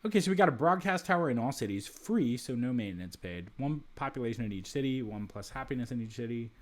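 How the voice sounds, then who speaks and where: A man's voice: medium pitch, animated, fast talker. Man casually thinking aloud over a game. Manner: thinks aloud with frequent restarts and asides. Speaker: let's play host. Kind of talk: casual video game commentary.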